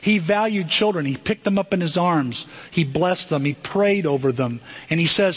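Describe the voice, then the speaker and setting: High-voiced husky older pastor preaching. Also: male voice, moderate pace, few pauses. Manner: storytelling, animated, acts out quoted voices. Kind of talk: sermon. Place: church sanctuary. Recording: dull long-reverb church hall.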